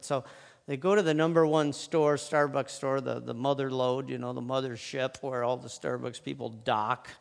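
A man's voice: mid-range voice, moderate pace, creaky. A man speaking from a stage at a church event, telling a story in a chatty, joking way with plenty of fillers and restarts. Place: large hall, on a stage. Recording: long hall reverb.

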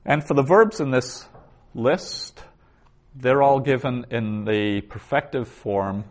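In a medium-pitched voice, a man gives a slow, deliberate Hebrew class lecture, saying each vocabulary word twice before explaining it.

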